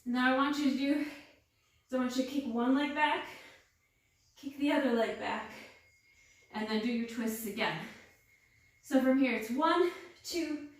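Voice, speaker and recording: A woman's voice: high voice, normal speed. A young woman coaching a workout, counting reps and encouraging while out of breath. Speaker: fitness instructor. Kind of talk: guided workout instruction. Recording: very echoey room, distant mic.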